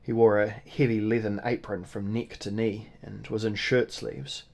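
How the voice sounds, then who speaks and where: A man reading a first-person novel aloud in a measured, formal manner. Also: on the low side, little pitch movement, gravelly, a little mellow. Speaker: audiobook narrator. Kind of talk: scripted first-person narration.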